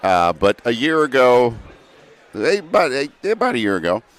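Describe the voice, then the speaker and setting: Man, radio guest, calm, unbothered, steady storyteller, medium pitch. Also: moderate pace. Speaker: radio guest, former city councilman. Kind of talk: casual radio conversation and storytelling.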